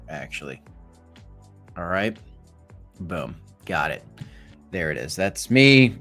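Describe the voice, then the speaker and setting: A man's voice: low-pitched, sing-song, slow pace, pauses often, fairly bright tone, faint music behind. A man hosting a casual live stream of market commentary, chatty with playful asides and bursts of hype. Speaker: crypto live stream host.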